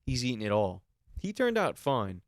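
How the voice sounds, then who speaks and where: A man talks alone into a handheld mic, a mid-pitched voice that swings between low muttering and sudden incredulous, high-pitched questions. The sound is dry and close, with no room around it. He rants in a loose, joking way. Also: normal speed, no room sound. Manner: animated ranting, big jumps up to incredulous shouts. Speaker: podcast host. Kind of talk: solo comedic rant.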